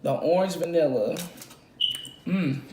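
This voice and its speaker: A woman with a low voice talks slowly and casually to her viewers while eating, filling the gaps with contented hums. Her chat is unhurried and relaxed. She is recorded in an echoey room with a little background noise. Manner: slow, relaxed talk between bites, lots of contented hums. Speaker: mukbang vlogger.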